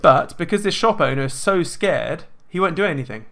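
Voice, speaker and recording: Male host, mid-high voice, animated explainer. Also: brisk, vocal fry. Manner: animated, rhetorical questions, acts out quoted voices. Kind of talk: casual explanatory monologue.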